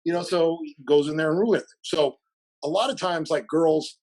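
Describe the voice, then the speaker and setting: A man's voice: fairly high pitch, normal speed, darkish tone, poor audio. A man being interviewed as a coach, chatting casually and animatedly, acting out bits of dialogue and laughing often. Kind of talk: casual conversational storytelling.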